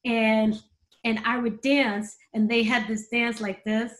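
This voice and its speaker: A woman's voice: a little high, level tone, takes it slowly. A middle-aged woman guest in an interview, telling personal stories in an earnest, emotional way and laughing easily. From United States. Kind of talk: candid interview storytelling.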